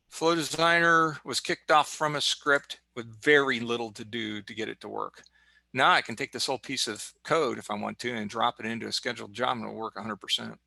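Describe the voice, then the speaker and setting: He's a guest expert on a video call, giving a relaxed screen-share tutorial full of chatter and jokes as he clicks through the software. His mid-range voice is gravelly, pushed and bright, and there's no echo.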